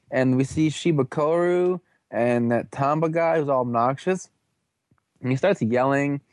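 A man's voice: mid-range voice, a little mellow, no echo. A young man casually recapping a TV episode, rambling and playful, full of slangy asides and goofy quoted voices.

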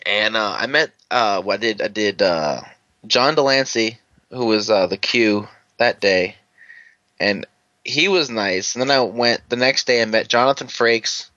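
Bright-voiced man telling a rambling story. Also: lowish voice, a little slow, dry recording. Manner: rambling, with many fillers and restarts; chuckles as he tells the story. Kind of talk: casual storytelling chat. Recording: dull lo-fi dry recording.

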